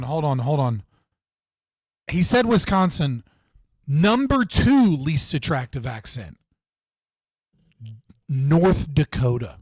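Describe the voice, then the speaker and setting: This man hosts a live stream, answering chat with blunt, profane reactions and frequent laughter. His voice is on the high side, and the recording is dry.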